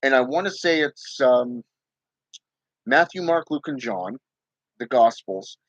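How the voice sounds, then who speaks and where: Here a man's medium-pitched, expressive voice moves at a slow pace as he hosts a casual livestream on spirit work. He's emphatic and keeps repeating "okay?" and "you know" to his viewers. The sound is dull, with no room sound.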